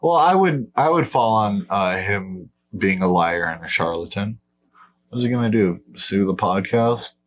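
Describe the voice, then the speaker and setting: Male podcast host, lowish voice, blunt and profane, dismissive in casual debate. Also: lively intonation, unhurried.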